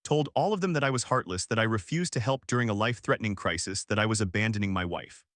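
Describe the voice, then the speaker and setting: A man reading a first-person family drama story aloud in a calm, even narrating voice. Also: on the low side, quick pace, no room sound, studio quality.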